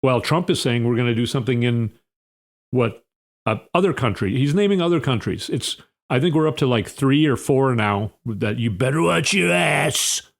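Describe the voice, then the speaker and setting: A man's voice: mid-range voice, lively intonation, moderate pace, gravelly. Blunt, sarcastic man talking politics. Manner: blunt, sarcastic, scornful asides. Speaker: political commentary host. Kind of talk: casual political monologue.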